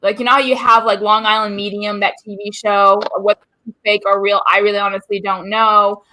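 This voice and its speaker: A woman's voice: mid-range voice, little pitch movement, normal speed, sharp tone. A woman hosting a casual chat, blunt and swearing freely, and reading out viewer comments. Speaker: host.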